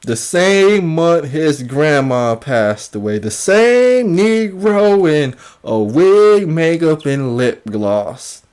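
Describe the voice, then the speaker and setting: A woman hosting a drama commentary show, full of exclamations and repeated phrases. Her pitch rises and falls widely while her overall pace stays unhurried. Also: very animated, a little mellow, clear, resonant tone. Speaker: commentary channel host.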